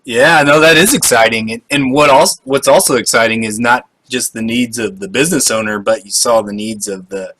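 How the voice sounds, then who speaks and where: A man's voice: medium pitch, moderate pace, few pauses, fairly bright tone, poor audio. A man hosting a casual interview, upbeat and reacting with enthusiasm to his guest. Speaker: interview host.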